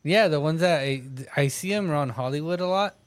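A man's voice: a little high, a little fast, no echo. A man in a casual podcast chat, thinking aloud in a rambling way. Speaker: podcast co-host.

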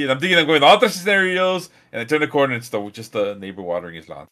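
A man telling a story in casual chat, animated and profane. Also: a little high, very fast, few pauses. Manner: animated, profane, acts out quoted voices.

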